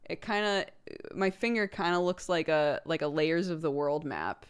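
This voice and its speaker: Young adult woman, casual streamer host, chatty and rambling, smooth tone. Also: deep voice, lively intonation, normal speed. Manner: chatty, rambling with fillers, laughs often.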